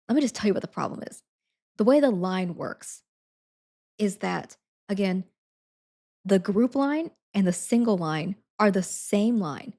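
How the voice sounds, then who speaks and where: A woman's voice: mid-range voice, darkish tone. A woman in her twenties telling a story casually on a live stream, rambling with lots of fillers. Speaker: livestreamer.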